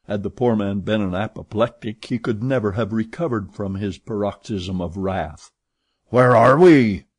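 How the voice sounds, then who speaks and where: Male audiobook narrator, low husky voice, steady measured read. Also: no room sound, studio quality.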